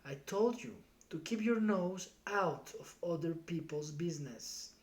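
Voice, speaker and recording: A man's voice: on the high side, animated, unhurried, echoey room. A reader doing a stern, scolding father. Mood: angry. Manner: exasperated, scolding. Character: stern angry middle-aged father.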